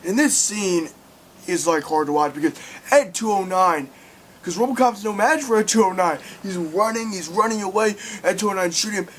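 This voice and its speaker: Excitable young man reviewing a film. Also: high voice, normal speed, slight background noise. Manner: excitable, swearing, acts out scenes loudly. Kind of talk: casual spoken film review.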